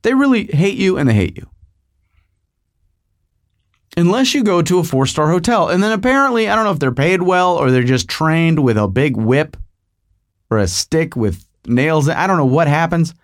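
A man's voice: on the high side, sing-song, normal speed. A middle-aged man hosting a podcast, telling a rambling comic story with digressions and asides to the listener. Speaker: podcast host.

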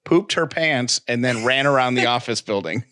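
A man co-hosting a casual podcast, reading listener messages aloud in a relaxed, teasing tone. He laughs along and gently pokes fun at his co-host. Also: medium pitch, moderate pace. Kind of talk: casual chat.

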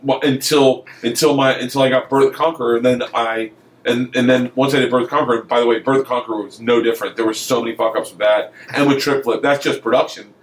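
A man's voice: mid-range voice, fast, roomy sound, low-quality recording. A man telling a long comic story in casual chat, swearing often and acting out the voices of everyone in it. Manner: profane, animated, acts out every voice in the story. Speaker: comedian telling a story as podcast guest.

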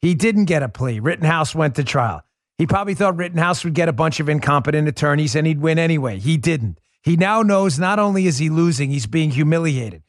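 Emphatic high-voiced male podcast host. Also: expressive, a little fast, no room sound, clean studio sound. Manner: emphatic, conversational, repeats for stress. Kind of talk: opinion commentary monologue.

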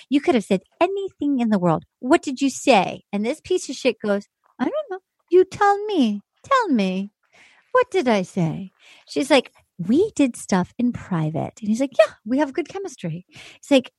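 A woman hosts a casual podcast chat, her voice pitched high and swinging widely as she retells scenes with emphatic energy. The sound is dry and close, with no room around it. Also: no room sound. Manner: animated, emphatic storytelling with acted quotes. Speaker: podcast host. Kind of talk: casual chat recapping a dating show.

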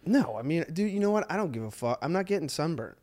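A man appearing as a guest on a comedy podcast, talking in a laid-back, mumbly way and dropping his voice low. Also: big pitch swings, fast talker, darkish tone. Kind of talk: casual comedic chat.

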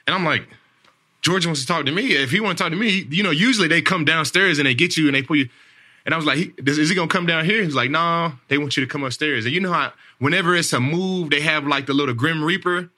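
A man's voice: on the high side, quick pace, bright, forceful tone. A man in his thirties hosting a podcast, telling a story in a rambling casual way, repeating words and saying "man" and "like" a lot. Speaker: podcast host, NFL player.

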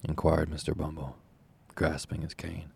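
A man narrating a classic novel as an audiobook in a measured, formal storytelling manner. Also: extremely low pitch, flat delivery, vocal fry, a little mellow, breathy edge.

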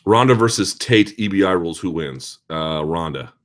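Reading viewer questions on his live chat show, a low-voiced host offers casual commentary at normal speed. He rants animatedly and sarcastically.

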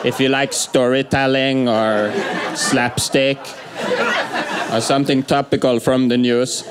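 A man doing a stand-up set with a dry, halting delivery. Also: mid-range voice, little pitch movement, very noisy. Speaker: stand-up comedian. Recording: club set with music and crowd.

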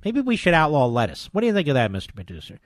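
An older man's voice in a heated, mocking radio rant, his pitch leaping high and dropping low as he jeers. The sound is close and dry, with no room around it. He talks a bit higher than most men. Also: huge pitch swings, racing, dry recording. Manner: sarcastic, mocking, swings loud and soft. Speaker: radio talk show host. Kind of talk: combative talk radio monologue.

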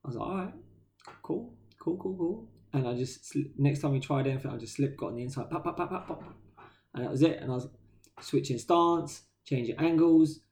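A man with a British accent co-hosting a podcast, telling stories in a casual, slangy, animated way. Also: medium pitch, quick pace. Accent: British English. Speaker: podcast co-host. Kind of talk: casual chat.

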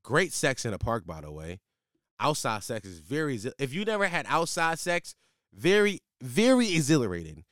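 Young guy telling a wild story, cursing a lot, voice shoots up high when he gets worked up, mid pitch. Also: moderate pace, no room sound, clean studio sound. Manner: profane, slangy, animated; voice jumps high when exasperated. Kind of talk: casual storytelling.

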